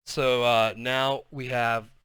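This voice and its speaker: A man's voice: medium pitch, little pitch movement, slow pace, fairly bright tone, clean tone, no echo. A man reading a children's novel aloud, with casual asides between chapters. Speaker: reader.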